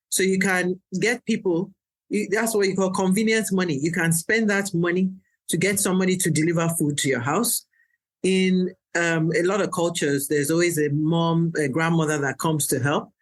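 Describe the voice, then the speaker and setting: A woman pediatrician, a guest on an educational podcast, explaining newborn care in a calm, practical way. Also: fairly low pitch, moderate pace.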